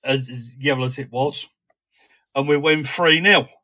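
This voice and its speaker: A man conducting a conversational interview in a measured way, recounting details from match reports. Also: medium pitch, fairly even intonation, bright, forceful tone.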